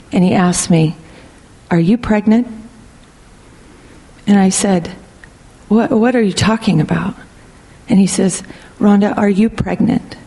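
A woman's voice: medium pitch, mellow. Middle-aged woman, personal testimony, earnest and reflective, long reverb trailing her words. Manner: earnest, reflective, slow and deliberate. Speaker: speaker sharing a personal testimony.

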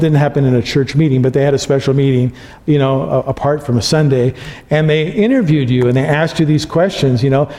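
A pastor preaching a sermon, telling stories earnestly and building to emphatic peaks. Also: male voice, on the high side, a little mellow. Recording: long reverb of a large hall.

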